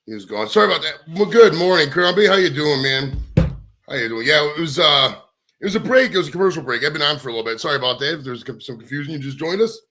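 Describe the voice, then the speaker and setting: A man's voice: fairly high pitch, animated, quick pace, a bit bright, soft background music. A man hosting a live stream, chatting casually in a crude, rambling, profane way. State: out of breath. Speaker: livestream host.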